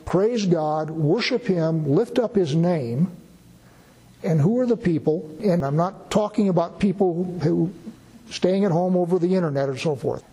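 A man's voice: fairly high pitch, a little slow, warm tone, slightly rough. A man, a pastor, preaching a folksy, conversational sermon with asides to a gathered congregation. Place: church gathering in a borrowed building. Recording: long reverb of a hall.

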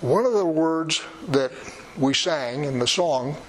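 A man's voice: a little high, lively intonation, takes it slowly, low-quality recording. A man preaching a sermon in a conversational, emphatic way with wry asides.

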